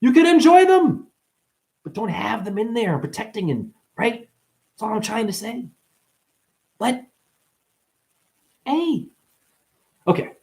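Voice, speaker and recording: A man's voice: high voice, sing-song, slow pace, pauses often, a little mellow. A man hosting a livestream, talking straight to his chat, passionate and defensive, swinging between agitation and making peace. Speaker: livestream host. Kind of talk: heated livestream chat reading comments.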